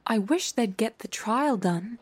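A woman's voice: on the high side, expressive, unhurried, breathy edge. Young storybook girl, read by a woman in her own voice; curious and outspoken. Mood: wishful.

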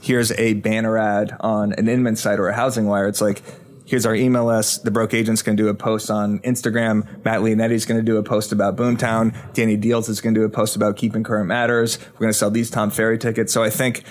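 A man in his thirties talks as a guest on a podcast, his voice sitting low. He explains his business in long, quick, run-on stretches and slips jokes in along the way. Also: level tone. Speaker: podcast guest, real estate content creator. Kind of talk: casual podcast conversation.

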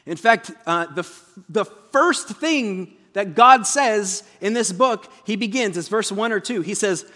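A man preaching a sermon as pastor, conversational, breaking into booming dramatic quotations. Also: expressive, measured pace, sharp tone. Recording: long hall reverb.

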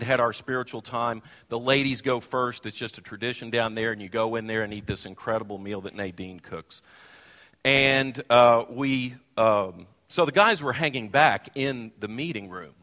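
Man, pastor, sermon, animated storyteller, self-deprecating, long hall echo. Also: medium pitch, unhurried.

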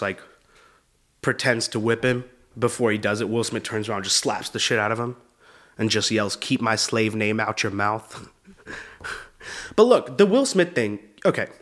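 A man's voice: mid-range voice, fairly bright tone. A male comedian hosting his show, riffing in a loose, profane monologue that is full of "dude". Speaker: comedian host.

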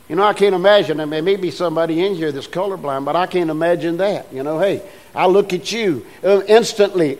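Folksy older male preacher, somewhat high voice. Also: brisk. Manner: swings between hushed storytelling and rising, emphatic preaching; folksy, homespun phrasing with repeated restarts. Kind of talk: sermon.

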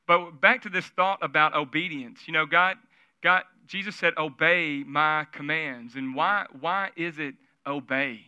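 A man's voice: on the high side, normal speed, sharp tone, clear, resonant tone, no room sound, muffled recording. A man preaching a sermon at a church service, telling stories in a conversational way and asking the audience questions. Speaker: pastor.

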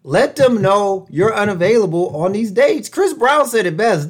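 Animated, excitable male podcast host. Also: normal speed, few pauses. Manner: excitable and joking, with big swings in pitch and loudness. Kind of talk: casual podcast monologue. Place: room at home with a door nearby.

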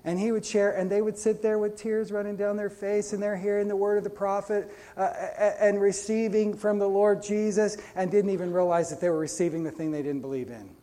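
High-voiced Pentecostal preacher man. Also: fairly quick, hardly any pauses. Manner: energetic Pentecostal preaching with many restarts. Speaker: pastor. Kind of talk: sermon.

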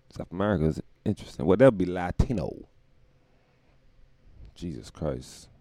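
A man's voice: low voice, lively intonation, normal speed, pauses often, warm tone, no echo. A man hosting a show, riffing in a rambling, irreverent comedic monologue with laughs and profanity. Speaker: podcast host.

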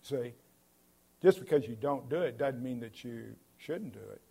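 Gravelly, earnest man preaching. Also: mid-range voice, expressive, a little slow. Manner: earnest, emphatic preaching with loud swells. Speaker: pastor. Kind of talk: sermon.

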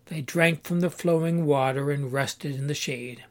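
A man narrating an allegorical storybook in a calm, measured reading voice. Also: on the high side.

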